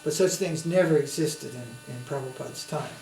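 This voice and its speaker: A man's voice: mid-range voice, normal speed, darkish tone. Man giving a roomy spiritual talk. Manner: conversational, anecdotal, with tag questions. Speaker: swami lecturer. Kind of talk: spiritual lecture. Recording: roomy with faint hum.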